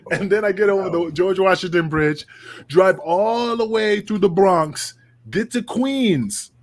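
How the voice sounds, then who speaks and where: A middle-aged man, a wrestler guest swapping loose, profane road stories and acting out the people in them. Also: sits high. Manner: animated, acts out quoted voices, swears freely. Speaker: podcast guest, pro wrestler. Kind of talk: casual storytelling chat.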